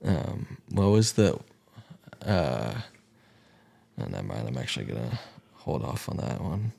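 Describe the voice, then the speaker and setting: Deep gravelly man in casual chat. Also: measured pace. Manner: animated, acts out movie lines while retelling scenes. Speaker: podcast co-host.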